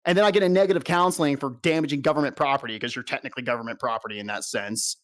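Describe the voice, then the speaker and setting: A young adult man, a soldier being interviewed, telling stories in an animated, exasperated and profane rant. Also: mid-range voice, rapid-fire, dry recording. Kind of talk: ranting interview storytelling.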